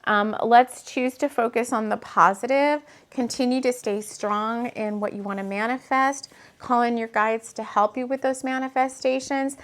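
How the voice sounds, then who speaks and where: A woman's voice: on the high side, fairly even intonation, normal speed. A woman channeling spiritual messages and reading tarot cards to the camera in an earnest, meandering way that turns emotional, speaking from her home. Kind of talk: casual spiritual video talk. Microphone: camera mic.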